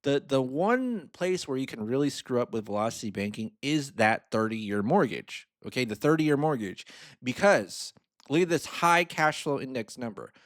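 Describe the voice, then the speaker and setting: A man's voice: medium pitch, no echo. Chatty man explaining loan math, close and dry. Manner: rambling, self-amused, chuckles often. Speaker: finance mentor. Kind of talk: casual screen-share walkthrough.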